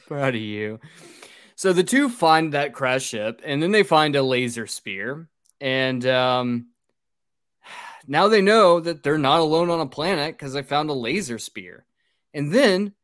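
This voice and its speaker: A man's voice: on the high side, a bit bright, no room sound, clean studio sound. A man hosting a casual podcast, recapping a film's plot in a loose, rambling way with fillers and swearing. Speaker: podcast host recapping a film.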